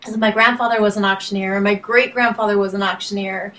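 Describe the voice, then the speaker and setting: A woman's voice: mid-range voice, fairly even intonation, fast, bright, forceful tone, rough recording. A woman singer-songwriter and benefit auctioneer talking casually as an interview guest, rambling, restarting sentences and laughing often.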